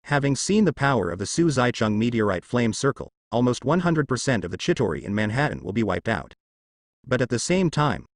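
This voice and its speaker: A man narrating a translated fan novel in a steady reading voice. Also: medium pitch, dry recording, clean studio sound.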